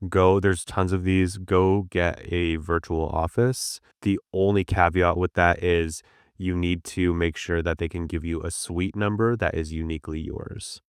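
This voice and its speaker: Man, deep voice, crisp resonant tone, casual storytelling podcast guest. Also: unhurried, dry recording, clean studio sound. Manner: relaxed, chatty, storytelling with asides. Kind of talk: casual conversation.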